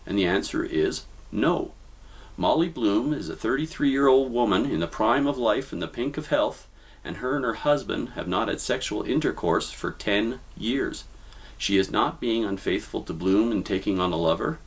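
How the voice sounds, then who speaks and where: Emphatic male lecture host with a lowish voice who talks straight to his viewers and hammers his points home. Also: expressive, normal speed, slightly rough. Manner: emphatic, repeats key points, addresses viewers as folks. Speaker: video essay host. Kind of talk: spoken literary lecture.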